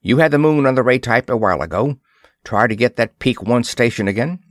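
A man's voice: medium pitch, normal speed, no echo, studio quality, close to an everyday voice. A man voicing a male rocket fleet commander who gives clipped orders in a storybook reading. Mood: curt.

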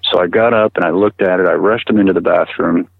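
A middle-aged man recounting a personal experience as an interview guest, halting and earnest, often repeating words as he talks. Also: sits low, fairly even intonation, vocal fry, breathy edge, no room sound, narrow, tinny audio. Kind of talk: personal account in conversation.

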